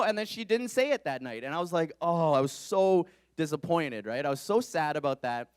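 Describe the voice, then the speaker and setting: A man telling stories and performing spoken-word poetry live on a stage, talking in an animated way and acting out the people he quotes. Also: on the high side, a little fast, few pauses, clean tone, no room sound, studio quality. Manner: animated, acts out quoted voices. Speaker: storyteller and spoken-word poet. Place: live stage before an audience.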